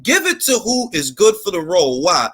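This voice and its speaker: A man's voice: high voice, huge pitch swings, moderate pace, a bit bright, husky. A man from the Dominican Republic hosting a casual panel chat, giving blunt, profane opinions and slipping into Spanish phrases. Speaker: host.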